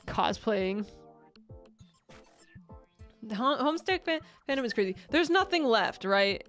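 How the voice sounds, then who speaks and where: A woman's voice: a little high, big pitch swings, a little slow, pauses often, a bit bright, soft background music. A woman streamer chatting casually with her viewers, rambling and self-mocking and often breaking into laughter.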